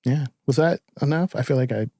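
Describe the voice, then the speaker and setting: A middle-aged man from New York, a podcast guest telling stories in a lively, profane, laughing way. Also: mid-range voice, a little fast, dry recording, clean studio sound. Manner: animated, profane storytelling with frequent laughter. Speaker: podcast guest, therapist and filmmaker. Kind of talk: casual storytelling interview.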